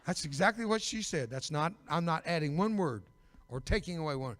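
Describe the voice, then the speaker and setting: An older man preaching a personal testimony sermon as an evangelist, telling his story with bursts of loud emphasis and dry humor. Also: fairly high pitch, animated, brisk. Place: church sanctuary. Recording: long reverb of a big church.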